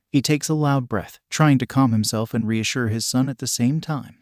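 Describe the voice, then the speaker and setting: A man narrating a fan fiction story in a steady, earnest reading. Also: medium pitch, moderate pace, no room sound, studio quality.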